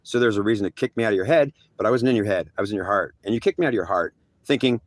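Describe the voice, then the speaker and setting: A man's voice: fairly low pitch, rapid-fire, dry recording. A man telling a rambling first-person story with slangy asides, acting out the dialogue in a raised voice. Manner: acts out quoted dialogue in a raised voice.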